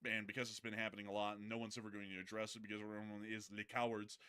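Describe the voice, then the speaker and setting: A man's voice: lowish voice, level tone, very fast, pushed and bright, clean tone. A man hosting a live news stream, talking through headlines in a loose, joking way with frequent fillers. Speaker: livestream news host. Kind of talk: casual news commentary.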